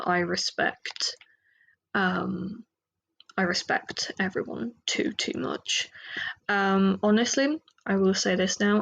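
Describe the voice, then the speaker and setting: A woman's voice: mid-range voice, gravelly, rough recording. A woman with an English accent hosting a solo podcast, chatting casually in a rambling, self-deprecating way with lots of fillers. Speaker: podcast host.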